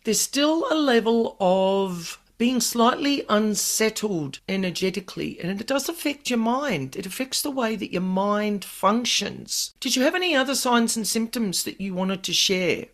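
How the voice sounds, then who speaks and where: A woman's voice: medium pitch, expressive, measured pace, few pauses. A woman hosting a podcast as a paranormal specialist, explaining things in an earnest, chatty way. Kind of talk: conversational podcast talk.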